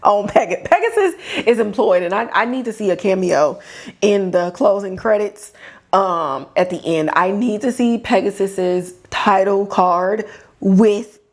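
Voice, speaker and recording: A woman podcast host giving a casual TV episode recap in an animated way, with slang and frequent laughter. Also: mid-range voice, unhurried.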